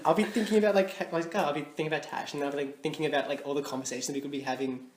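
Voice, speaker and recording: On this podcast, a young male co-host with a voice on the high side talks very fast, animated and laughing as he acts out dialogue in casual, funny storytelling. The recording sounds like an echoey room with a little faint noise.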